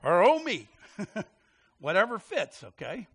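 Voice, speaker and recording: With a bright, high voice that jumps around in pitch, a male pastor delivers a sermon slowly, with a breathy edge. He's animated, laughs easily, and keeps posing questions to the congregation.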